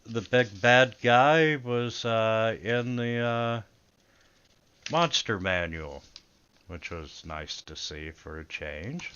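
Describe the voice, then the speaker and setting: Slow, easygoing man running a game. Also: mid-range voice, highs cut off, a little hiss or hum. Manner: relaxed and hesitant, many filler pauses. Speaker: game master. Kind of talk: casual game session intro.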